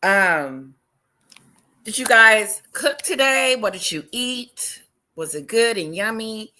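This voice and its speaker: A woman hosting a casual livestream chat, talking loudly and excitedly and greeting viewers by name. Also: on the high side, slow. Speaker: livestream host.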